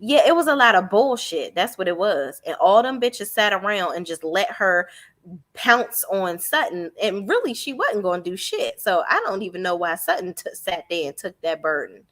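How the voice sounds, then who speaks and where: Speaking directly to her viewers in an unscripted live recap of reality TV, a woman is sassy and profane, mocking the cast without restraint. Her lively pitch jumps around in big swings, her pace is normal, and her tone is a bit bright.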